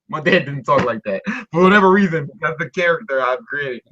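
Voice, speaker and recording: A young man telling a story in casual talk, animated and laughing, doing voices for the people in it. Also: fairly high pitch, fairly quick, dull audio. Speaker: guest storyteller.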